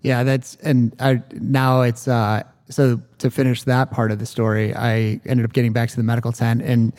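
A man talking in a halting, hesitant way in casual conversation, with many fillers. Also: mid-range voice, level tone, a little mellow. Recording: room with long reverb.

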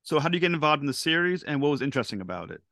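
A man's voice: on the high side, very animated, very fast, sharp tone, no room sound, clean studio sound. A man hosting an interview, asking questions with effusive enthusiasm. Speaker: interview host. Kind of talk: casual interview.

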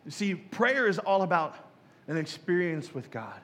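A man's voice: high-pitched, big pitch swings, normal speed, a bit bright, in a large hall. A man preaching a sermon as a pastor, casual and joking, who acts out other people's prayers in mock voices.

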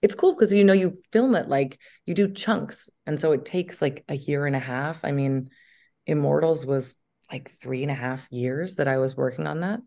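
A woman with a deep, low voice talks casually as an interview guest. She tells lively stories and acts out quotes in sudden bursts. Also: moderate pace, gravelly.

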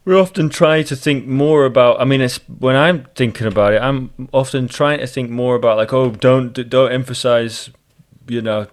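A man with a mid-range voice hosts a podcast in a relaxed, conversational way. He reacts with casual enthusiasm and sometimes trips over his words as he thinks aloud. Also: mid-range voice, normal speed. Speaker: podcast host.

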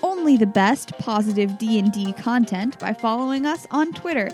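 Playful high-voiced woman. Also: expressive, normal speed, a little mellow, soft background music. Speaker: podcast co-host. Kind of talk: casual chat and reading the outro.

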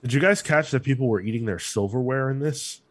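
A man's voice: mid-range voice, fairly quick, breathy edge. A man co-hosting a comic book podcast in casual chat, musing thoughtfully with lots of fillers. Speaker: podcast co-host.

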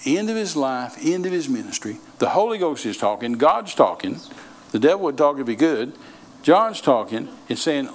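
A man's voice: mid-range voice, expressive, a little fast, poor audio. An older man preaching a sermon in a folksy, repetitive way, often restarting his sentences. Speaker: traveling preacher.

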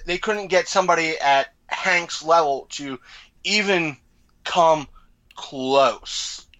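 Bright-voiced man chatting on a podcast. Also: on the high side, highs cut off. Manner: animated, acts out quoted lines. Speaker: podcast co-host. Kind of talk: casual chat.

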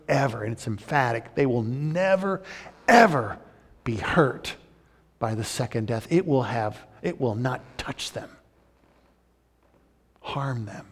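A man's voice: mid-range voice, slightly rough. Male pastor preaching in a reverberant hall. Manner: swings from loud urgent emphasis to soft intimate appeals. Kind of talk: sermon.

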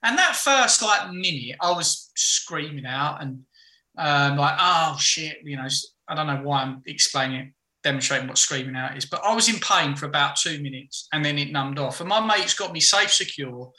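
A man tells stories in a loose, casual podcast chat, often stopping to restart his sentences. His voice sits a little high and sounds very bright. The room around him is echoey. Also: lively intonation, normal speed. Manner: frank, rambling storyteller with many restarts. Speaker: podcast guest.

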